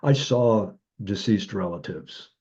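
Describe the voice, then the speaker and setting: A man's voice: slow, gravelly, breathy edge, dull audio. A man telling a personal story as a guest author, acting out the voices in his dialogue. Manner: animated, acts out quoted dialogue with jumps in pitch. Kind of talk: reflective storytelling.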